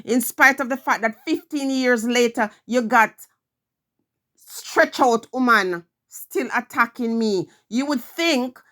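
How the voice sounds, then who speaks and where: A woman's voice: a little high, slow, fairly bright tone. A middle-aged woman vlogging, telling a personal story in an earnest, emphatic way, repeating her phrases.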